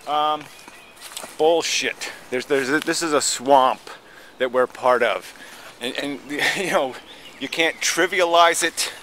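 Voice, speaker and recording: A man's voice: a little high, sharp tone, slight background noise. A man in a heated debate monologue, ranting angrily with heavy swearing and many stop-start restarts. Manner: angry, profane ranting; hesitant restarts with frequent fillers. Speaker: debate participant.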